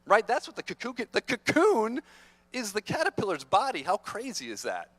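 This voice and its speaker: A man giving an energetic, playful motivational talk to students, teasing the audience, on a stage microphone in a large conference hall. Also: sits high, brisk. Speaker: motivational speaker.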